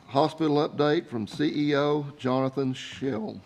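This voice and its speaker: A man chairs a council meeting with a gravelly voice. He moves through motions and votes in a formal, procedural way. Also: medium pitch, normal speed, a little mellow.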